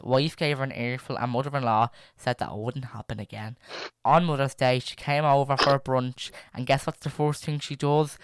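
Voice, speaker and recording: A man's voice: medium pitch, fairly bright tone, smooth, no room sound, studio quality. A young man, chatting casually and reading stories aloud as a podcast host, rambling with many fillers and restarts.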